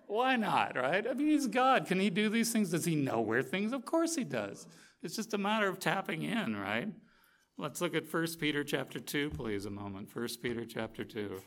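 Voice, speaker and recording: A middle-aged man preaching a sermon, telling a story with lively, animated energy and acting out the quotes. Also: a little high, normal speed, a little hiss or hum.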